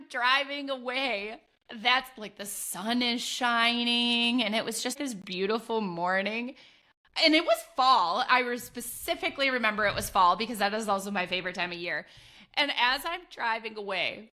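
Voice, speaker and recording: Bright, animated woman telling a story. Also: on the high side, normal speed. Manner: animated, laughs often, acts out her own past voice. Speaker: podcast co-host. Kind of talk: casual chat, storytelling.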